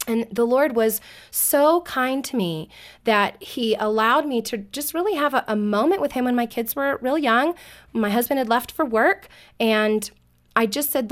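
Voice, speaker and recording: A woman's voice: a little high, a little slow. A middle-aged woman sharing her life story earnestly as a guest in a casual faith talk. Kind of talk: personal testimony in casual talk.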